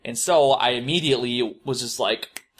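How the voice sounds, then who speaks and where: A man's voice: mid-range voice, moderate pace, fairly bright tone, slight background noise. A young man telling a rambling, swear-heavy confessional story and mocking his past self. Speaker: host. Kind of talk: profane confessional monologue.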